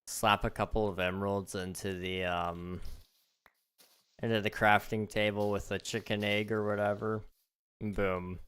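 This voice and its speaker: A young man, slightly hoarse, chatting casually on a live stream while playing, thinking aloud with ums and quick laughs. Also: on the low side, level tone, a bit bright. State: slightly hoarse, losing his voice. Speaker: gaming livestreamer. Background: background music.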